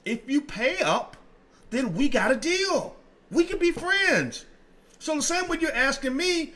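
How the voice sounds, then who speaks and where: A man's voice: very high voice, sing-song, moderate pace, bright, forceful tone. A middle-aged man giving blunt, profane political commentary straight to his audience, acting out both sides of imagined arguments. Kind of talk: direct-to-camera political commentary.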